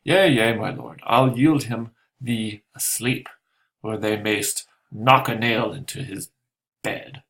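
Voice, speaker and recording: A man's voice: on the low side, slow pace, vocal fry, fairly bright tone, heavily acted, low-quality recording. A man reading the lines of Caliban, a resentful, servile island monster, in a pleading tone.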